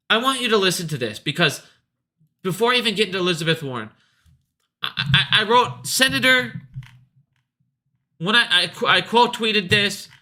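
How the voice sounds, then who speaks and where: A man's voice: high voice, pushed and bright. A man giving profane, sarcastic commentary and mocking people in a rant. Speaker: video commentator. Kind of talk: ranting commentary.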